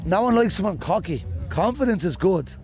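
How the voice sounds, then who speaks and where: A man from Ireland with a Dublin accent, talking in a slightly high voice. He rambles through animated, joking stories like a stand-up comedian being interviewed, casual and quick to punchlines. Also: soft background music.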